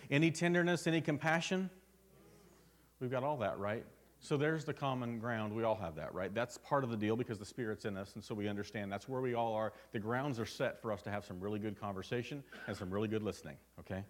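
A man's voice: fairly low pitch, quick pace. A man preaching a sermon at a church service, telling a personal story in an earnest, conversational way. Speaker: pastor.

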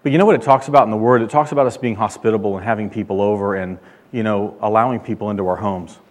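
A man's voice: lowish voice, fast. Emphatic male pastor preaching. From California. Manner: emphatic preaching, loud when quoting God. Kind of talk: sermon.

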